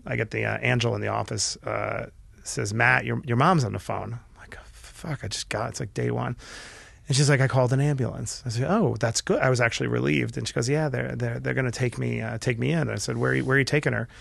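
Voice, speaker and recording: A middle-aged man, a podcast guest, telling a candid personal story earnestly and with feeling, often restarting his sentences and dropping his voice quietly. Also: medium pitch, fairly even intonation, quick pace, creaky, no room sound. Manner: earnest and emotional, with frequent restarts and quiet dips.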